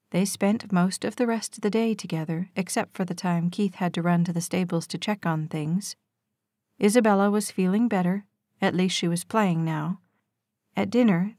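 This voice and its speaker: A woman narrating a romance audiobook in a calm, even storytelling manner on a close studio mic. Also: mid-range voice, dry recording. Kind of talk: scripted narration.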